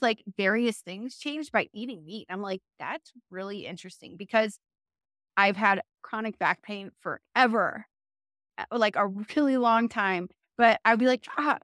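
A woman's voice: medium pitch, a bit bright, dry recording, clean studio sound. A woman speaking as an interview guest, telling her story in a casual, chatty way, full of fillers and self-corrections and often laughing.

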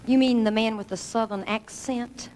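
A woman's voice: fairly high pitch, steady tone, normal speed, darkish tone, slight background noise. A woman singer trading playful banter with her partner on stage and singing a duet. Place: TV studio stage with band.

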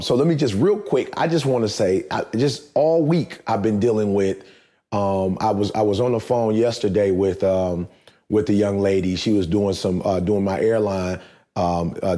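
Man, podcast host, emphatic and preachy, mellow tone. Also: on the low side, moderate pace. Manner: emphatic, preachy, repeats phrases for stress. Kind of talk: casual podcast chat.

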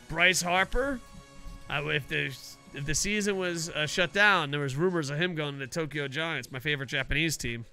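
A man streaming a video game, chatting to viewers in excitable, profane, jokey banter. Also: fairly high pitch, normal speed, soft background music. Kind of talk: casual game streaming commentary.

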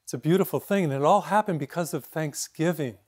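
A man in his sixties from Massachusetts, a priest giving a sermon in a steady, reflective storytelling way. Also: on the high side, fairly quick, breathy edge.

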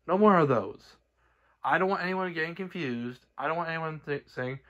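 Exasperated young man scolding, bursts into yells. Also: fairly high pitch, lively intonation, brisk, muffled recording. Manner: exasperated, scolding, swinging from mutters to shouted outbursts; stumbling restarts. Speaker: cartoon creator. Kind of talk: angry direct-to-camera rant.

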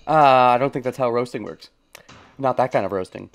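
Brief: male game streamer at mid pitch, relaxed play-along commentary with lots of little laughs. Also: normal speed. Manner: thinks aloud, chuckles often. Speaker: let's play host.

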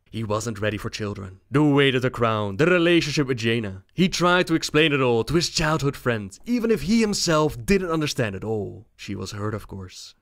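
A man narrating video game lore in a measured, calm storytelling manner. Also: medium pitch, dry recording, clean studio sound.

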